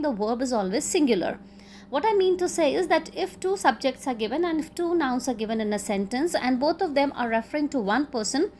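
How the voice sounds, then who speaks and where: High-voiced woman teaching grammar. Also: a little mellow, slight background noise. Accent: Indian English. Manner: patient, repeats each rule and example slowly. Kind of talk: classroom grammar lecture.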